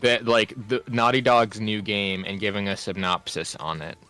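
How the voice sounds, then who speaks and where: Low-voiced, rambling man chatting. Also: little pitch movement, normal speed, pushed and bright, soft background music. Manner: rambling, trailing off. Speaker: video editor, stream guest. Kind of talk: casual streaming chat.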